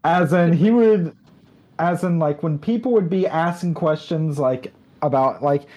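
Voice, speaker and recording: A woman's voice: low-pitched, unhurried, warm tone. Chatty woman telling a rambling story. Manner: rambling storyteller, many fillers and restarts. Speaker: podcast co-host. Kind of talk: casual chat.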